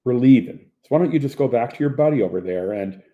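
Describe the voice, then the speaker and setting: A man voicing his calm, cool young friend who speaks evenly. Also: mid-range voice, quick pace, narrow, tinny audio, lightly acted. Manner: cool and level.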